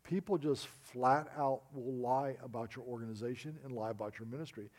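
A man's voice: mid-range voice, brisk, a little mellow. A man preaching a sermon, reading scripture and telling stories with quoted dialogue. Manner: earnest storytelling, quoting others in dialogue.

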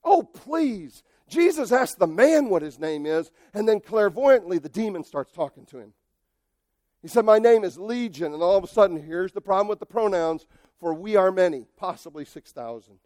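A man preaching a sermon who speaks straight to his congregation, moving between quiet asides and loud, emphatic bursts. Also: high voice, normal speed, dry recording, studio quality. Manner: emphatic and animated, swinging between soft asides and loud outbursts; addresses the congregation directly and conversationally. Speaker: pastor.

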